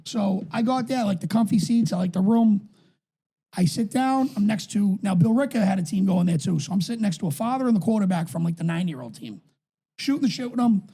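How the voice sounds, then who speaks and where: A man in his thirties from New England, a podcast co-host and youth football coach, telling rambling, profane stories in casual chat; his voice sounds higher than his build suggests. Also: lively intonation, a little fast, mellow, husky.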